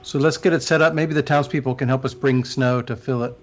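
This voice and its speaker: A man's voice: mid-range voice, steady tone, fairly quick, a little hiss or hum. A man playing a tabletop game, asking questions with stammers, on a dull lo-fi line. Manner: stammering, inquisitive. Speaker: player. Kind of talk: tabletop role-play. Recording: dull lo-fi sound.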